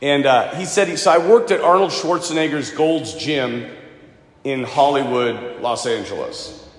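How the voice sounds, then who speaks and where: A man preaching a sermon, telling stories with lively quoted voices and drawing lessons for his congregation. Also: mid-range voice, a little slow. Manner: animated storytelling with put-on voices for quoted people. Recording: echoey hall with long reverb.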